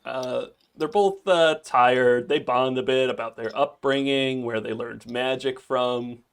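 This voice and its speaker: A man on a podcast walking through a plot recap, steady and plain, sprinkling in ums and uhs. His voice sits at an ordinary middle pitch. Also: unhurried, gravelly, clear, resonant tone. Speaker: podcast co-host.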